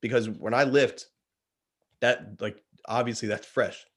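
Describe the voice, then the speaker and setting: A man's voice: mid-range voice, unhurried, breathy edge. A man in his thirties, a guest, earnestly retelling a story in casual chat and often calling the listener dude. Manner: earnest, animated retelling, says dude a lot.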